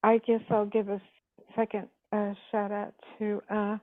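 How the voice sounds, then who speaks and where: A woman's voice: medium pitch, completely flat delivery, unhurried, no room sound. An older woman from California calling in by landline, rambling with many ums and uhs. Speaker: caller. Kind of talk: casual phone call. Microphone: landline phone. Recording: tinny landline phone call.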